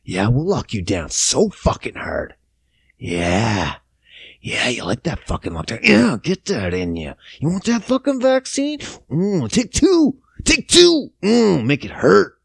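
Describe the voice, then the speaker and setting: A man's voice: fairly high pitch, wildly swooping pitch, slow pace, creaky, breathy edge, no room sound, full character voice. A man voicing a crude, mocking male politician who taunts voters with lewd suggestions.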